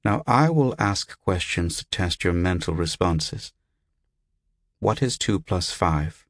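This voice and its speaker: A man doing a flat, toneless machine-like doctor. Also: low voice, slow, dry recording, studio quality, full character voice. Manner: flat, without intonation. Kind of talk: audiobook character voice.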